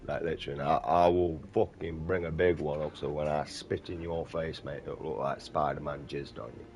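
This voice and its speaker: Very deep-voiced man ranting. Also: steady tone, normal speed, darkish tone, slight background noise. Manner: profane, rambling, mocking. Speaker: gaming vlogger. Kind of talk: casual rant over gameplay.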